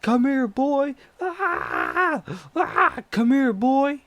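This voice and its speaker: A man's voice: extremely high pitch, huge pitch swings, extremely slow, a bit bright, highs cut off, voice pushed up, exaggerated voice. A man putting on the voice of a deranged man screaming and cackling as he gives chase. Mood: taunting. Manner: shrieking, cackling taunts.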